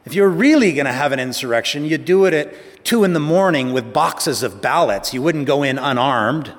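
A male pastor delivering a sermon in a church sanctuary. His voice sits a little high and grows louder and higher when he presses a point. His pace shifts often. A long hall reverb trails every phrase. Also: lively intonation, normal speed. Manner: emphatic, shifting pace, rising for emphasis.

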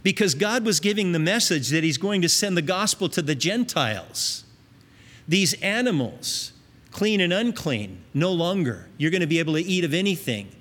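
A man's voice: sits high, expressive, normal speed, fairly bright tone, big-room sound. A man preaching a sermon, teaching in an earnest, conversational way with emphatic rises.

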